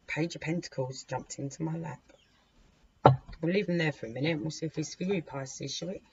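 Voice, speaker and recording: A woman's voice: sits low, fairly quick, vocal fry. A woman giving a casual, rambling tarot reading to her viewers, chatting to the cards as she deals them. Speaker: tarot reader. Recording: dull lo-fi recording with faint hiss.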